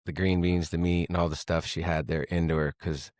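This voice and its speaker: A man's voice: sits low, flat delivery, a little fast, darkish tone, dry recording. A young man in casual podcast chat, telling family stories with lots of swearing and laughter, often cutting in to correct the other speaker. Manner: swearing, laughing storyteller who interrupts and corrects. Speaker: guest.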